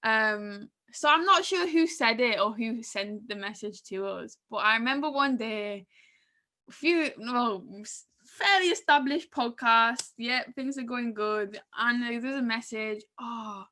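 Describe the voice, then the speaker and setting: A Northern English woman co-hosts a live podcast in a chatty, animated way. Her voice sits a touch high and sounds very bright and forceful. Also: unhurried. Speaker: podcast co-host. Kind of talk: casual chat at a live podcast. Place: live event venue.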